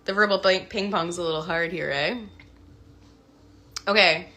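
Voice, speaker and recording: A woman's voice: fairly low pitch, unhurried, bright, forceful tone. A Canadian woman in her thirties, a voice actor chatting casually with fans on a livestream while she signs prints. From Canada, part childhood in Scotland. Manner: chatty, bubbly, thinking aloud while signing. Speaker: voice actor signing autographs on a livestream.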